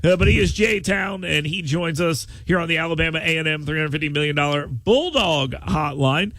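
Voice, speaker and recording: A brash talk radio host with a high, gravelly voice. He rambles and jokes in casual banter. The studio sound is dry and close. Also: moderate pace, fairly bright tone, no echo. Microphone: studio microphone.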